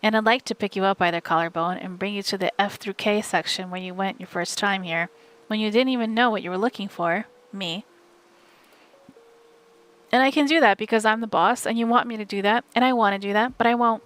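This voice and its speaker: A woman streamer reading a novel aloud live from home, in steady, wry first-person narration. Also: mid-range voice, fairly quick.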